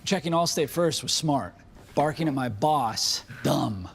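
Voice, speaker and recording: A man's voice: mid-range voice, lively intonation, a little slow, a little hiss or hum. Commercial: an embarrassed, self-mocking young guy. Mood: sheepish. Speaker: commercial actor. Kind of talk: scripted commercial acting.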